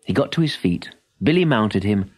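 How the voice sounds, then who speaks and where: A man narrating a children's story in an expressive, animated storytelling manner. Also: fairly low pitch, moderate pace, breathy edge. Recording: story tape with music.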